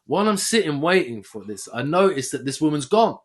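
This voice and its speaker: High-voiced young man telling a story. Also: brisk, breathy edge. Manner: animated, swearing, jumps into quoted voices. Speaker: podcast co-host. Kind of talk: casual storytelling chat.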